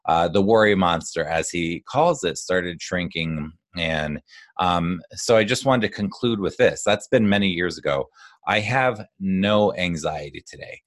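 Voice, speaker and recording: A man's voice: sits low, measured pace, no echo. A man hosting a show, talking earnestly in a loose conversational way with fillers and restarts. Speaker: podcast host. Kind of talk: casual spoken monologue.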